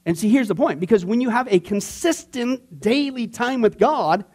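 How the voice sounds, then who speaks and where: Male pastor with a high voice, leading a small church class, chatty and animated, lots of asides. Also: normal speed. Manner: animated, talky, many asides and fillers. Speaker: pastor teaching a discipleship class. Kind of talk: conversational class teaching.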